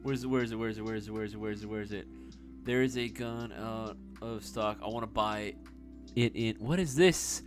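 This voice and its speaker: A man's voice: lowish voice, normal speed, faint music behind. A young man hosting a casual live-stream Q&A, swearing freely and laughing often. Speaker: live stream host answering viewer questions.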